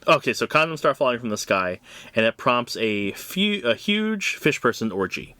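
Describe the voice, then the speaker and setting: A man's voice: medium pitch, very animated, normal speed, sharp tone, clean tone, dry recording. A man co-hosting a podcast, recapping a comic book in loose, profane casual chat full of "like"s. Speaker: podcast co-host.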